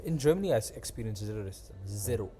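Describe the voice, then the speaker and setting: A young man hosting a casual podcast, telling animated, rambling stories and swearing freely. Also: fairly low pitch, fast, over music. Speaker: podcast host. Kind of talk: casual chat.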